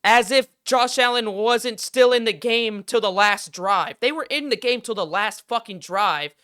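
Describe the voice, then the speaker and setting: Heated young man ranting, bright crisp voice. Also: high-pitched, unhurried, dry recording, clean studio sound. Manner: heated, frustrated ranting with swearing. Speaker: podcast host. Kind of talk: casual sports commentary rant.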